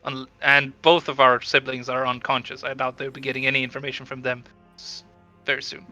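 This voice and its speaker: A man playing Gesh, a bright-voiced earnest adventurer. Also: medium pitch, completely flat delivery, no echo, faint music behind. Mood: urgent, persuasive. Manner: earnest, persuasive, slightly halting. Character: Gesh, young adventurer pleading for his siblings.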